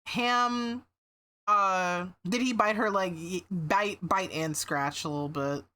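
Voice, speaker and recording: A woman's voice: mid-range voice, takes it slowly, pushed and bright. A woman streamer in casual livestream chat, meandering with many fillers and restarts, swearing now and then.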